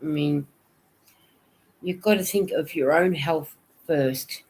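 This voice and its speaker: A woman's voice: low voice, takes it slowly, a little mellow, slightly rough. A woman hosting a casual livestream, chatting and answering viewer comments. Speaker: knitting vlogger hosting a livestream.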